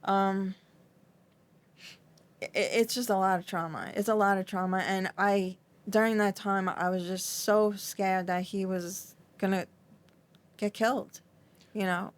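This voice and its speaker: Middle-aged woman, podcast guest, mid-pitched, trembling voice, halting and full of restarts. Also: steady tone. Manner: halting, repeats and restarts often, fillers like "like". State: shaky, trembling. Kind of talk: emotional interview recollection.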